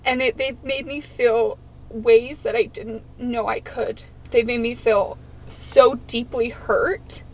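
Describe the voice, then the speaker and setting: A woman's voice: fairly high pitch, a little hiss or hum, low-quality recording. A woman co-hosting a podcast, talking earnestly and emotionally in casual chat. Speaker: podcast co-host.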